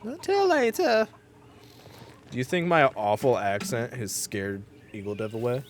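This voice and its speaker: A man's voice: fairly low pitch, expressive, moderate pace, slight background noise. A man streaming a video game, reading its text aloud and joking about his own accents. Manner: playful, self-mocking. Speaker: gaming streamer. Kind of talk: let's play commentary.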